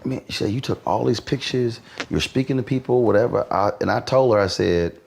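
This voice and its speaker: A man's voice: mid-range voice, fairly quick, vocal fry, slight background noise. A man hosting a conversational interview, telling stories and acting out what people said to him. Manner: animated storyteller, acts out quotes. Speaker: host.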